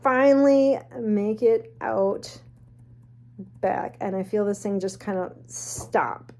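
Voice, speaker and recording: A woman telling a spooky personal story in a chatty, animated way with snarky asides. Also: medium pitch, takes it slowly. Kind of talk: casual storytelling.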